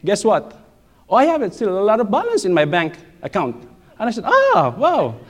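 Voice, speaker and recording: A middle-aged man telling a personal church testimony, animated, repeating phrases and laughing between lines, with non-native English grammar. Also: high voice, a little fast.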